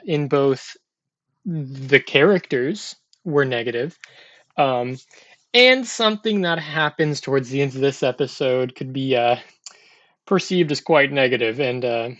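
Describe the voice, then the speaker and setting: A man's voice: a little high, lo-fi sound. A man casually recapping a TV episode in a chatty, loose way, with lots of fillers and restarts. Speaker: TV episode reviewer.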